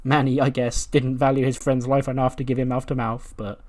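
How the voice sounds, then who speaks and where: A man's voice: medium pitch, flat delivery, fairly quick, darkish tone. A man casually narrating a wrestling management game as its regular host, chatty and often laughing. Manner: chatty, laughs often, retells scenes with quoted voices. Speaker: game commentator.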